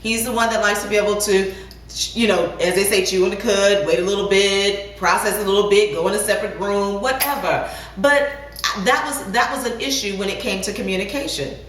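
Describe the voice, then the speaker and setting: A woman co-hosting a casual talk about marriage, speaking in an animated, emphatic way and cutting in playfully. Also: mid-range voice, fairly quick. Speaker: co-host. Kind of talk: casual chat. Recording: echoey room, far from mic, faint noise.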